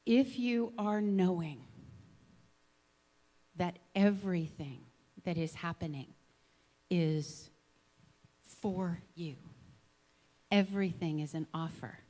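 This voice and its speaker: A woman speaking as a guest at a Sunday service in a conversational sermon, a lively storyteller who acts out examples and keeps asking "right?". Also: lowish voice, takes it slowly, pauses often. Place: spiritual center Sunday service.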